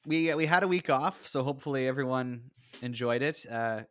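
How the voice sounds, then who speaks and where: A man's voice: medium pitch, moderate pace, fairly bright tone. Upbeat man co-hosting a podcast. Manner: upbeat, playful, jokey. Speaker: podcast co-host. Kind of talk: casual podcast chat. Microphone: remote call mic.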